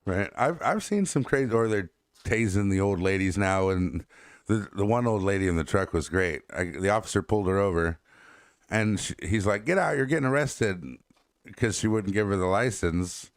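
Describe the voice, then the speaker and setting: A man with a very deep voice chats loosely on a talk show and rambles from one story to the next. He laughs often, swears freely and sounds close and dry, with no room around him. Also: normal speed, no echo. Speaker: podcast co-host. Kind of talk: casual chat.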